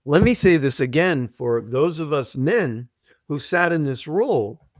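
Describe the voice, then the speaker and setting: A man guesting on an interview podcast, explaining things deliberately, repeating his points and often clearing his throat. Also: on the high side, animated, no room sound, clean studio sound. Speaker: guest, trauma author. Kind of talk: conversational interview, teaching.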